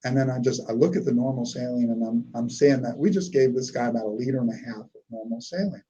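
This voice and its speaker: A man's voice: medium pitch, quick pace, mellow, muffled recording. A man giving a neurology lecture, telling clinical stories in a conversational way and often checking in with "okay?". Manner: conversational, anecdotal, frequent "okay?" check-ins. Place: lecture hall.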